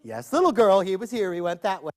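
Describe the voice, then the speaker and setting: A man's voice: high voice, sing-song, a little fast. Folksy country shopkeeper, helpful, plain-spoken, man voicing.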